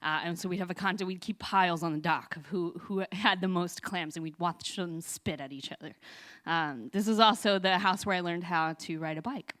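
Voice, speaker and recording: A woman's voice: on the low side, normal speed, fairly bright tone, dry recording. A woman telling a personal story live on stage, chatty and laughing often, with lots of fillers.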